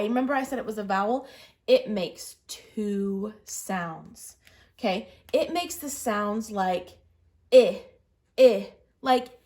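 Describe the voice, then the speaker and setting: A woman reading teacher leads a letters lesson for young children, speaking slowly and with a somewhat high voice. She is patient and encouraging, modelling each stroke and sound, then asking the children to repeat it with her. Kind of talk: early literacy lesson, guiding children through letter formation.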